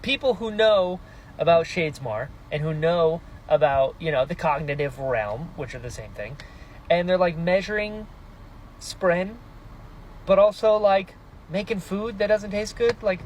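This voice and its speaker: A man excitedly talking through his reactions to a fantasy novel in a casual vlog, jumping into quick put-on voices for characters. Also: high voice, slight background noise, rough recording. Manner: excitable, animated, mock-voicing characters. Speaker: book vlogger.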